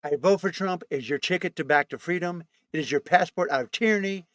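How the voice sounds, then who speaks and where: A man's voice: sits high, fairly quick, a bit bright, dry recording. A male comedian putting on a boastful, rambling older politician for a comic impression, bragging and complaining in a self-pitying way. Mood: bombastic.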